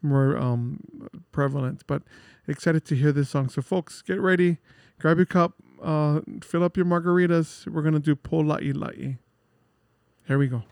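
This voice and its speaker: A man's voice: fairly high pitch, normal speed, a little mellow. Upbeat man hosting radio. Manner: enthusiastic, chatty, introduces songs. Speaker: radio host. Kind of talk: casual radio chat.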